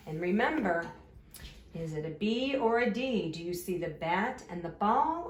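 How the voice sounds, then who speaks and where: Slow, sing-song woman teacher in a roomy echo. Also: fairly low pitch, slight background noise. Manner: slow, sing-song, exaggerated question intonation. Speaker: elementary school teacher. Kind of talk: remote phonics lesson for young children.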